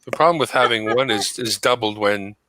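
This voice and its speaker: A man chatting casually and teasingly, slowly explaining words to friends. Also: on the low side, sharp tone, dry recording, poor audio. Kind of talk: casual chat.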